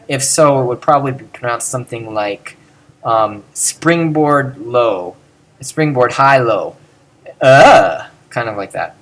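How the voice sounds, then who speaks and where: A man talks through a lesson in a relaxed, unscripted way. He muses aloud, fills pauses with ums and catches and fixes his own slips. His pitch sits in an ordinary middle range. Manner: musing, self-correcting, with many ums. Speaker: teacher. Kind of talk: casual lecture.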